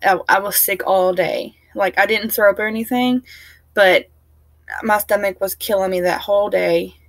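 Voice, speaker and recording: Young woman, home vlogger, rambling chatty storyteller, sounds tired, mid-pitched voice, dry close sound. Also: steady tone, moderate pace, dry recording. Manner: chatty, rambling, laughs while recounting. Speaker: family vlogger. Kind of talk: casual storytelling to camera.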